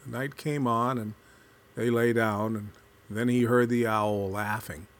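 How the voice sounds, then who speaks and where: A man reading a folk tale aloud with a measured, deliberate storytelling cadence. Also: mid-range voice, steady tone.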